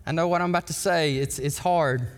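Male pastor, sermon, higher register, emphatic storytelling delivery, reverberant sanctuary. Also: a little fast. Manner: emphatic storytelling preacher, bursts into excited acted quotes. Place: church sanctuary. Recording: long hall reverb.

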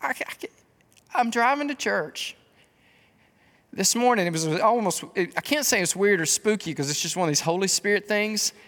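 A man in his fifties preaching a conversational sermon, telling stories in an animated way with quick asides. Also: high-pitched. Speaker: pastor. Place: church sanctuary. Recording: long hall reverb of a church.

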